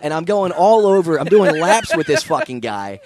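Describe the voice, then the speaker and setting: A man's voice: on the high side, very animated, normal speed, a little mellow. A male comedian telling a wild story on a podcast, with punchy, profane delivery. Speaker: guest comedian. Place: studio with podcast guests.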